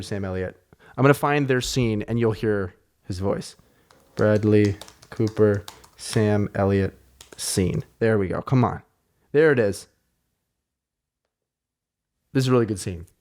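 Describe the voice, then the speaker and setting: A man's voice: on the low side, a little slow, pauses often. A man hosting a podcast in casual chat, rambling and swearing freely, and poking fun at himself. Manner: rambling, profane, self-mocking. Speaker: podcast host.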